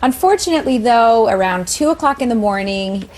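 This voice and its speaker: A woman's voice: on the high side, animated, fairly quick, darkish tone. A woman showbiz reporter chatting on a morning TV show in a gossipy way, with many fillers.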